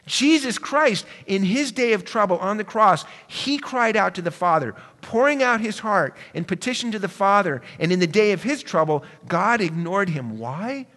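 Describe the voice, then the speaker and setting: A man preaching a sermon to a congregation, swinging between hushed, reflective passages and loud, emphatic ones. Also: high-pitched, animated, normal speed, few pauses. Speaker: pastor. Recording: reverberant hall.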